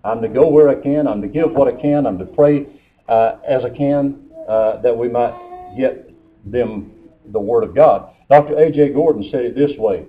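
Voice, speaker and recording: Male preacher, mid pitch, folksy sermon delivery, narrow tinny phone-like audio. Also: normal speed, faint music behind. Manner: folksy storytelling with scripture quotes.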